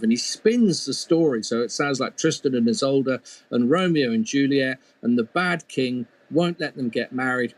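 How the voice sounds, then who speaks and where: A man's voice: mid-range voice, normal speed, no echo. A man telling a folk tale as a storyteller, playful, with humorous asides. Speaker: storyteller and mythologist.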